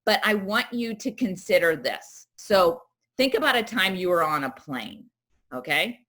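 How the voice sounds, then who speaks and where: A middle-aged woman presenting at a parent wellness event, telling stories and acting out the voices of the people in them. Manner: animated, acts out quoted voices with big jumps in pitch. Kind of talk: lively talk with acted-out scenes.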